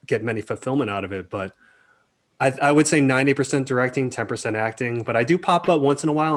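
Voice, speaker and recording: A man being interviewed as a film director, talking casually and acting out quotes in animated stories. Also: mid-range voice. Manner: animated storyteller, acts out quotes.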